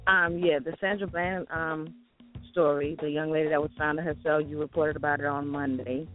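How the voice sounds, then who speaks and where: A woman's voice: sits low, fairly even intonation, normal speed. A woman co-host giving a chatty news update, with lots of hesitant ums. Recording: tinny phone-like sound with faint music.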